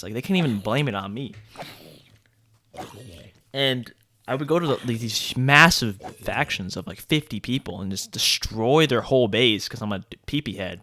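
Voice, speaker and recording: A man's voice: medium pitch, pushed and bright, a little hiss or hum. A young man telling a casual gaming story in a rambling, joking way, full of filler words. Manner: laid-back and joking. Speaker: gaming vlogger.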